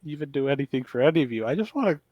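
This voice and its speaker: A man's voice: mid-range voice, animated, racing, lo-fi sound, natural voice. A man voicing a confused young boy who wants to go home. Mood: bewildered. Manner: bewildered, plaintive.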